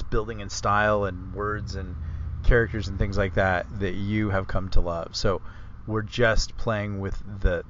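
A man's voice: low-pitched, lo-fi sound, slight background noise. A man hosting a casual book discussion podcast, rambling and correcting himself as he explains with enthusiasm. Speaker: author and podcast host.

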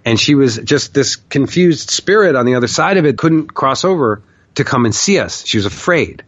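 A man telling a personal story in a candid, profane way, his talk full of "like" and loose restarts. His voice sits at an ordinary middle pitch. The audio is dry and a little dull. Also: lively intonation, normal speed, no echo. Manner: candid, profane, with frequent "like" fillers. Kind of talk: casual storytelling.

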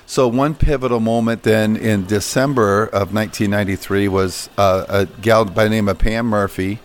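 A man's voice: fairly low pitch, fairly even intonation, moderate pace, a little hiss or hum. A middle-aged man, guest in an interview, telling rambling anecdotes full of fillers and restarts. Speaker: interview guest, coffee business founder. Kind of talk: casual interview storytelling.

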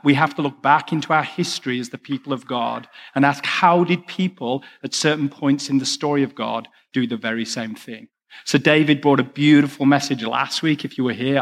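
A man's voice: medium pitch, big-room sound. A man with an English accent, a pastor preaching a sermon with chatty, self-deprecating asides. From England.

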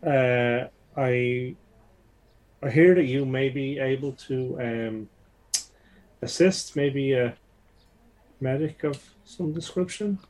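A man's voice: medium pitch, slow, long pauses, a little mellow. A man playing a tabletop game who speaks in a hesitant, polite way. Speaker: player. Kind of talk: tabletop role-play, in character.

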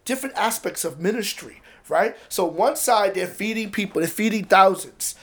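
A man preaching in a relaxed, chatty way, stopping now and then for a quick aside. His voice sits a little above the usual male pitch. He reads scripture aloud and talks it over. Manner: casual, conversational preaching with asides and restarts. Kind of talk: sermon.

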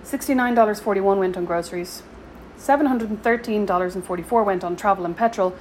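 Brisk wry woman reading a spending diary. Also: medium pitch, darkish tone, slight background noise, rough recording. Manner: wry, dry sarcastic asides. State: sore throat and cough. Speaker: vlogger reading her weekly spending diary. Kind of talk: scripted diary narration.

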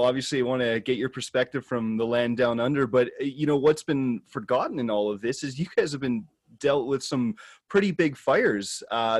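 A Canadian man hosting a legal podcast, reading a scripted intro and then chatting with a guest in a friendly, joking way. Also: mid-range voice. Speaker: podcast host.

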